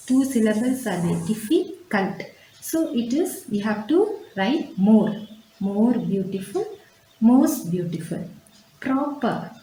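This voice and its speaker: A woman teaching a grammar lesson, stating each word form slowly and repeating herself for emphasis. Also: medium pitch, mellow, a little hiss or hum. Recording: echoey room.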